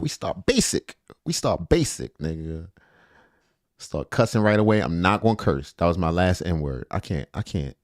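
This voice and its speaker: Middle-aged man, live-stream host, casual joking chat, swears a lot, very lively pitch, dry close sound. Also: no room sound. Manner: loose, joking, laughs often, swears freely.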